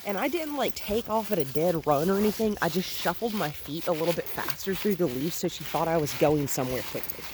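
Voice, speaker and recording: Lively-pitched woman coaching a dog outdoors. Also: a little fast, hardly any pauses, background noise. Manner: calm explaining, with cooing praise to the dog. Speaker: dog trainer. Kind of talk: outdoor training demonstration. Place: outdoors in a park.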